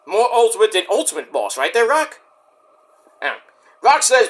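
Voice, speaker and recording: A man with a high, bright voice tears through a wrestling show review. He talks sarcastically and swears often, mocking the people he discusses. His pitch swings widely as he rants. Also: sing-song, moderate pace, long pauses. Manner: sarcastic, profane, mocks wrestlers in put-on voices. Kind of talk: casual solo review rant.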